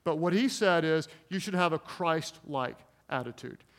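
A male pastor preaches with a fairly high voice. He is playful, drops in jokes and asks the congregation to repeat words back to him, and he stretches out key words for emphasis. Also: animated. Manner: joking, calls for congregation responses; slows to stress key words. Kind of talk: sermon.

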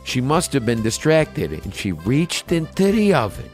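A man's voice: medium pitch, sing-song, normal speed, darkish tone, faint music behind, close to an everyday voice. A man voicing a brash, crude middle-aged woman from New Jersey, putting on a New Jersey accent and telling a story with joking asides. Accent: New Jersey, put on. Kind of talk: comic reading of a listener's story.

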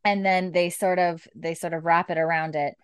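A woman's voice: on the low side, fairly even intonation, normal speed, clear, resonant tone, no room sound, studio quality. A woman co-hosting a podcast, recapping a TV episode in casual chat, giggly and hesitant, with lots of fillers.

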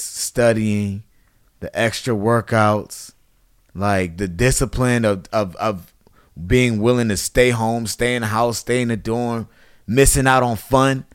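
A man in his thirties tells a story in relaxed conversation. His voice sits low and sounds clear and smooth. He acts out the people he quotes by raising his voice. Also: no room sound, clean studio sound. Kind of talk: casual chat.

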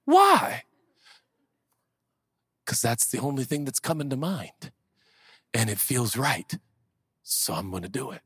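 A husky-voiced pastor in his forties delivers a sermon with playful asides. He swings from soft, hushed lines to sudden loud bursts. The sound is close and dry. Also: mid-range voice, animated, normal speed, no room sound. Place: large church auditorium.

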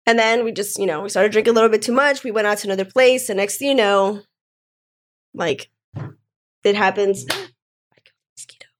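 A woman's voice: mid-range voice, fairly quick, pauses often. A young woman chatting on a podcast in a loose, candid, rambling way. She fills her story with "like" and curses freely as she goes. Her voice sits in an ordinary middle range. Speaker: guest telling her story. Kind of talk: casual podcast chat.

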